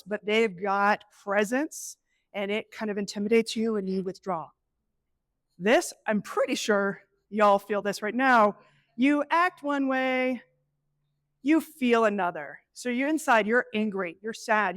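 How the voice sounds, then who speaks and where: A middle-aged woman presenting a live workshop, animated and conversational, acting out inner voices as she teaches. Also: on the high side, no echo. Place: event space with an audience.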